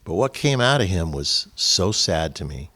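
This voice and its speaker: A middle-aged man leading a faith group, telling a story from his own life as a lively retelling with quoted dialogue. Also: low-pitched, normal speed. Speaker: discussion leader at a faith group. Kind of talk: storytelling talk with a faith message.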